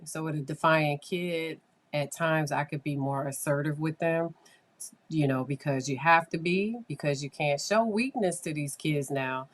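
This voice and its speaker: A woman's voice: low voice, a little slow. A woman psychologist telling a casual, rambling story, with many fillers and acted-out quotes. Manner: conversational, rambling, with frequent fillers and quoted dialogue. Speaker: child psychologist.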